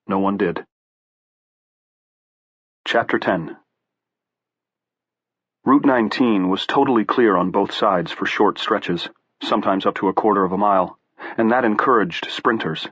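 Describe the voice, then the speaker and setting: Low-voiced male audiobook narrator, dry and dull. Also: fairly bright tone, dry recording. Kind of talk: scripted narration.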